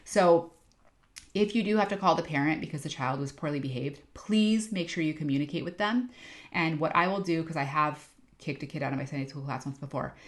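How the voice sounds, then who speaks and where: A woman in her thirties, an interim church children's director, giving volunteers a candid, chatty training talk. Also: low voice. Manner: candid, chatty, frank about herself.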